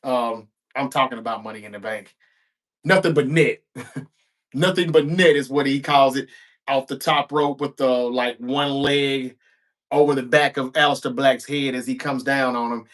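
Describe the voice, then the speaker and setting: A man's voice: mid-range voice, fairly even intonation, unhurried, a bit bright. A man in the middle of his register talks through last night's wrestling show in a loose, chatty way. He slides in offhand asides and sarcastic remarks as he retells each scene. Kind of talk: casual recap commentary.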